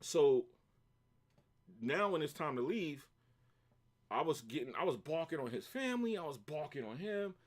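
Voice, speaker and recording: Animated Brooklyn man telling stories. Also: fairly high pitch, moderate pace, long pauses. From New York. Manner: animated, acts out both sides of arguments, shouts when reliving anger. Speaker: livestream host. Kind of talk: casual storytelling to viewers.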